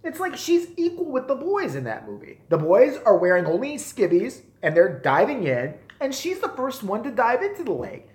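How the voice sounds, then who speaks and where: A man in his forties ranting on a live stream, profane and animated. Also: extremely high pitch, normal speed, few pauses, echoey room. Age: 40s. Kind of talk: casual rant.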